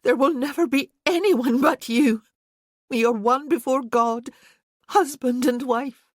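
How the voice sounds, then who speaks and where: A woman voicing a stubborn, sharp-tongued young Highland woman in an audiobook, with a high, urgent and emphatic delivery. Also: a little slow, dry recording, clean studio sound. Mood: pleading.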